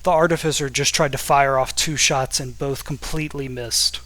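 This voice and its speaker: Male game master, bright tone, casual rambling tabletop narration. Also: medium pitch, fairly even intonation, no room sound. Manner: casual, with filler words and quick asides.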